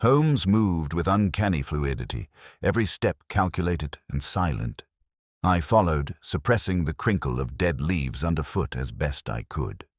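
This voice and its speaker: Very deep male storyteller. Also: animated, no room sound, clean studio sound. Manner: measured storytelling. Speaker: narrator. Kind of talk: scripted narration.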